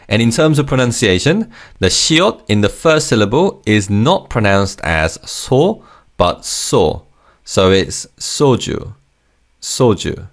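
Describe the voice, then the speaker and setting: Male teacher, low voice, animated delivery, patient and encouraging, repeats words for practice. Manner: patient, repeats each word twice, praises the learner. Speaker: language teacher. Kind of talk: scripted vocabulary lesson.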